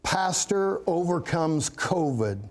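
A middle-aged man speaks as a pastor giving his testimony. He takes his time, his voice sitting a little high, and he tells it earnestly, like a story. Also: expressive, slow. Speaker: pastor, guest. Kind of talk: testimony interview.

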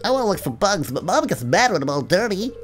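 A man's voice: high-pitched, very animated, fast talker, a little hiss or hum, pitched above the performer's own voice. A man voicing a young village boy in a video game, with a whiny, childish sing-song delivery. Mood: torn. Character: young boy villager, torn between play and mom.

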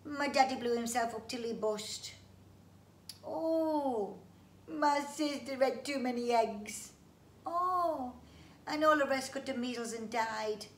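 A woman's voice: on the high side, slow, voice pushed up. A woman voicing a small lonely creature with a trunk that chirps "eep eep" and talks in broken, childlike grammar. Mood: sad. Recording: roomy echo.

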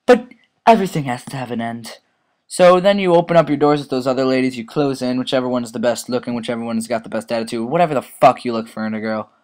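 Brief: teen boy, offhand gaming commentary, crude jokes, rambling, average pitch, mock voices here and there. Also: fast talker, a little mellow. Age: teens.

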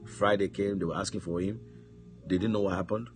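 A man preaching a sermon, telling stories and now and then shouting out commands, with repeated words. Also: low voice, steady tone, brisk, over music.

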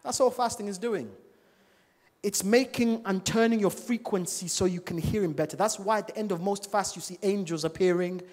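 A male preacher giving a church sermon, animated and full of rhetorical questions to the congregation. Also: high-pitched, moderate pace. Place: church service. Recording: long reverb of a large church hall.

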